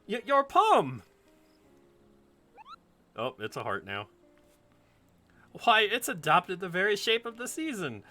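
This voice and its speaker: A man voicing an excitable little moogle creature with theatrical, old-fashioned exclamations. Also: sits high, heavily acted.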